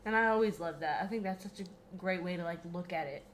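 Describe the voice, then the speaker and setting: A woman's voice: on the low side, quick pace, a little hiss or hum. A young woman co-hosting a faith podcast, talking earnestly and a little out of breath, with lots of filler words as she works through her thoughts. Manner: earnest, rambling with many "like" fillers. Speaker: podcast co-host. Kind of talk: casual faith conversation.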